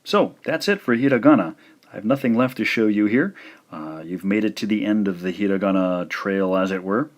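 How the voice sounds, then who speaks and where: A man with a fairly low voice teaches a language lesson, speaking in a measured, careful way. He demonstrates sounds by repeating each word several times. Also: animated. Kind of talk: scripted lesson narration.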